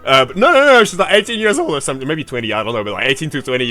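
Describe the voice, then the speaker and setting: A man's voice: a little high, sing-song, rapid-fire, hardly any pauses, sharp tone, faint music behind. Chatty swearing male game streamer. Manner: chatty, rambling, swears freely, answers chat. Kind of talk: casual livestream commentary.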